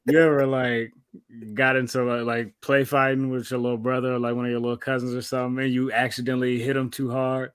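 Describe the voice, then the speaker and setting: Man, podcast co-host, mid pitch, dry close-miked sound, casual storytelling. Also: flat delivery, fast, clean tone, no room sound. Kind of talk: casual wrestling podcast chat.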